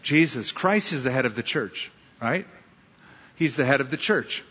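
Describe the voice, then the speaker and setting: A man's voice: medium pitch, lively intonation, normal speed, sharp tone, breathy edge. A man preaching a sermon as a pastor, with emphatic, storytelling delivery and repeated lines. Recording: dull sound in a large reverberant hall.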